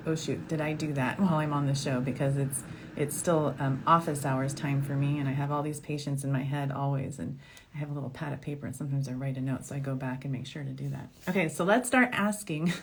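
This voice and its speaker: Bubbly low-voiced woman doctor host. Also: low-quality recording. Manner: bubbly, effusive, laughs often. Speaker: fertility doctor hosting a Q&A show. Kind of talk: casual to-camera talk. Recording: audible background noise.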